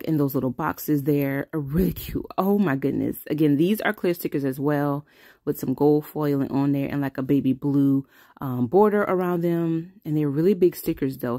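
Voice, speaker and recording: A woman gushes through a casual flip-through vlog, full of little fillers and excited asides. Her voice sits low and mellow, recorded close and dry. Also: no echo. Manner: gushing, enthusiastic, lots of fillers. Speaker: vlog host.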